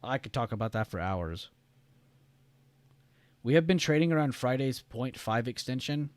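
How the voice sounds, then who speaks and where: A man's voice: mid-range voice, lively intonation, moderate pace, dry recording. Rambling young man hosting a live stream. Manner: rambling, reads chat aloud, swears casually. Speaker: live-stream trading host. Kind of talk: casual live-stream chat.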